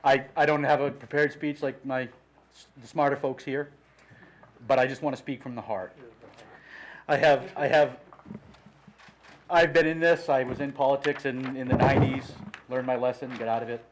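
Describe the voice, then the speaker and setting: A middle-aged man giving unscripted public comment at a city council meeting, impassioned and halting with many restarts, speaking into a podium microphone. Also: medium pitch, steady tone, a little hiss or hum.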